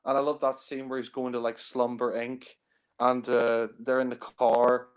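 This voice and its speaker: A man of average pitch talks loosely about movies over a group call. He rambles, fills gaps with ums and you-knows, and chuckles often at his own points. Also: level tone, moderate pace, clean tone. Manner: rambling, heavy on fillers, laughs often. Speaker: film reviewer. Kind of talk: casual film discussion.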